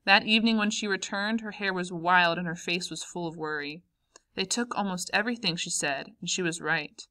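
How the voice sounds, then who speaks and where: A woman narrating a memoir audiobook in a calm, measured way. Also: fairly low pitch. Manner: calm, measured, first-person memoir reading. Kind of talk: audiobook reading.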